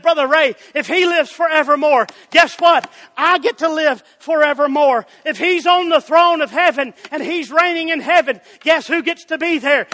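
A man preaching a fiery Baptist sermon, shouting and calling out to congregants by name. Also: extremely high pitch. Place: church sanctuary. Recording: church hall with long reverb.

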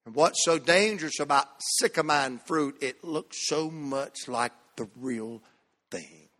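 A man from the American South preaching a sermon to a church, shifting between loud shouts and hushed, drawn-out phrases. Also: fairly high pitch. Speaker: pastor. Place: church sanctuary. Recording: long hall reverb.

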